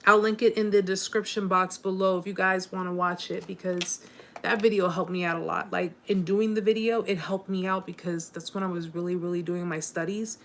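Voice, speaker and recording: A woman's voice: on the low side, steady tone, a little fast, slight background noise. Emotional woman live-chat host, rambling. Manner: warm, rambling, with many fillers and restarts; openly emotional and encouraging. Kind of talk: casual live-stream chat with viewers.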